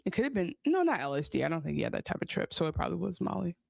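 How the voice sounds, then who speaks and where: A woman's voice: fairly low pitch, sing-song, very fast, creaky, a little mellow, no room sound. A woman co-hosting a podcast, chatting casually about a TV episode, rambling and acting out the characters' lines. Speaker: podcast co-host. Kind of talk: casual TV recap chat.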